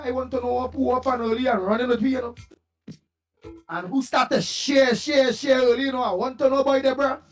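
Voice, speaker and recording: Trinidadian man, high voice, playful host, loud bursts, laughing chat. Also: steady tone, brisk, faint music behind. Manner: chatty and playful, laughing often, bursts of shouting. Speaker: live show host. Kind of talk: casual morning chat greeting viewers.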